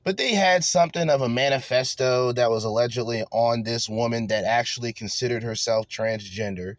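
A man's voice: mid-range voice, a little fast, dry recording. Crude, profane man ranting. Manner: crude, profane, mocking rants. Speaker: commentary podcast host. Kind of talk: casual reaction commentary.

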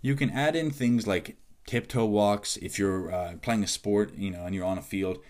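Man, lowish voice, podcast host, movement coach, casual monologue, animated, exasperated. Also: normal speed. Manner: animated, exasperated, acts out quoted exchanges.

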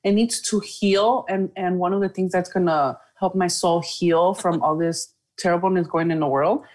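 A woman's voice: fairly low pitch, fairly even intonation, moderate pace, darkish tone. A woman co-hosting a wrestling podcast, chatting casually and gushing over matches. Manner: gushing, enthusiastic wrestling fan. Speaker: podcast co-host. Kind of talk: casual chat.

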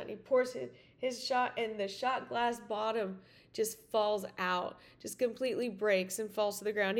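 A woman hosting a podcast, telling a story in a casual, rambling way full of "like" and "you know.". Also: fairly high pitch. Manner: chatty, full of "like" and "you know", many restarts. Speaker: podcast host.

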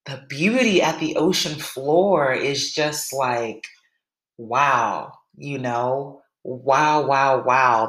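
A woman podcast host telling a personal story in a monologue, acting out her own past thoughts in a lively, rising voice. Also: low-pitched. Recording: roomy echo.

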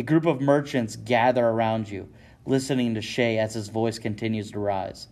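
A man's voice: lowish voice, moderate pace, a little mellow. A man giving dramatic scripted narration of an interactive story, addressing the listener directly. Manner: dramatic second-person storytelling.

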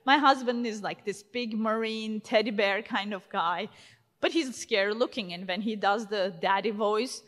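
A woman's voice: mid-range voice, normal speed, fairly bright tone. A woman in her thirties giving a conference talk in a casual, conversational way, full of fillers and restarts. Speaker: conference speaker. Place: large conference hall. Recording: long hall reverb.

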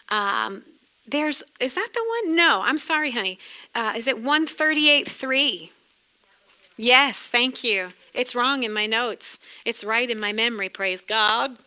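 Bright-voiced New England woman preaching. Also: on the high side, smooth. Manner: warm, chatty, laughs often, lively exclamations. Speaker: Bible teacher. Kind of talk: sermon.

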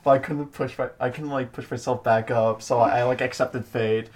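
A man's voice: mid-range voice, steady tone, moderate pace. A young man co-hosting a podcast, casual, goofy and giggly as he tells a story. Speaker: podcast co-host. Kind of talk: casual chat.

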